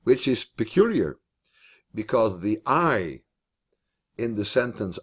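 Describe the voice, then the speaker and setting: A man's voice: lowish voice, sing-song, normal speed. A man teaching philosophy online in a video call, thinking aloud as he explains, with restarts and repeated words.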